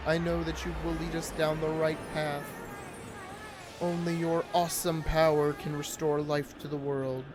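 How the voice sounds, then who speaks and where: A woman voicing a gentle, reverent female tree spirit in a video game. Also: deep voice, little pitch movement, normal speed, close to an everyday voice. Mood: solemn. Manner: solemn, reverent. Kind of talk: reading game dialogue aloud. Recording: game music behind.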